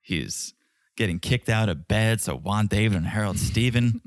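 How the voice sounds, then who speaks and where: A man's voice: on the low side, moderate pace, no echo, clean studio sound. A man co-hosting a podcast, chatting casually and jokingly while recapping a reality show. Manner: animated and joking, acts out quotes. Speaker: podcast co-host.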